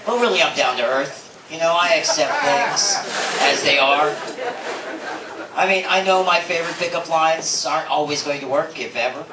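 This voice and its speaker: A fairly high-voiced man tells wry, self-deprecating jokes on stage. He is heard from far off in an echoey room, with loud noise over him. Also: moderate pace. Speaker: stand-up comedian. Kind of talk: stand-up comedy set. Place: comedy club. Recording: echoey club recording from far off, very noisy.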